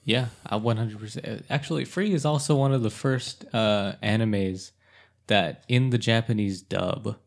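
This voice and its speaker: A man's voice: on the low side, unhurried, creaky. A young man co-hosting a casual podcast chat, often chiming in with agreement. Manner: agreeable, frequent backchannel "yeah". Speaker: podcast co-host.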